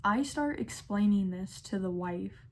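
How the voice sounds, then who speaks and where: A woman's voice: mid-range voice, animated, measured pace, darkish tone. A young adult woman, a pharmacy technician, narrating storytime tales in a sassy, exasperated way.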